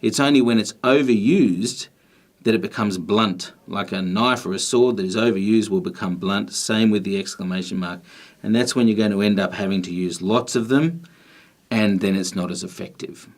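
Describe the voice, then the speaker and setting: A man with a somewhat low voice teaches a grammar video lesson. He explains patiently and deliberately, pausing between phrases as he goes. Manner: patient, measured explaining with pauses.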